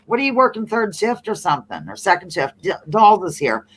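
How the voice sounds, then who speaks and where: A woman from the eastern US hosting a casual livestream, reading chat comments aloud in an animated, laughing way. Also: mid-range voice, brisk, slight background noise. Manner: animated, laughing, reads comments in playful voices. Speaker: livestream host.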